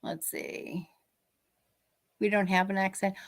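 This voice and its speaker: A woman's voice: mid-range voice, steady tone, slow pace. A woman with a Boston accent, a psychic medium talking on a video call in a rambling, chatty way that keeps breaking off mid-sentence. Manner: rambling, chatty, self-interrupting. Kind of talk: live-streamed chat and readings. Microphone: video call microphone.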